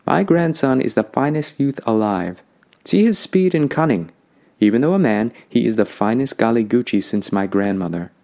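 A man's voice: mid-range voice, animated, normal speed, gravelly, warm tone. A man voicing a proud, stubborn old grandmother who speaks in a commanding, insistent way. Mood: boastful.

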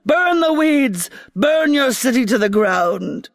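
A woman voicing a furious female grass spirit queen, shouting in a brassy, booming voice with whip-crack syllables. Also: lively intonation, slow pace, full character voice. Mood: raging.

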